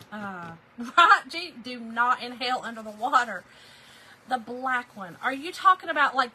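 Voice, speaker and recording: A woman's voice: high-pitched, pushed and bright, slightly rough, poor audio. A middle-aged woman, chatting folksily while she crafts, laughing often and answering viewer comments. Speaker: craft livestream host. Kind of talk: casual livestream chat while crafting.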